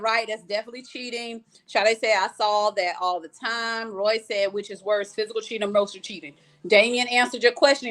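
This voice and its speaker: A woman hosting a casual livestream chat who reads out viewer comments and answers them bluntly, with lots of swearing. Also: a little high. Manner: blunt, profane and animated, reading out comments.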